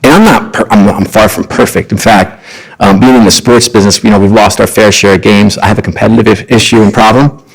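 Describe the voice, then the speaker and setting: Gravelly low-voiced man telling stories. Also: fast, poor audio. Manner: earnest, animated anecdote telling. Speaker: podcast guest, sports executive. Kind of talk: conversational storytelling.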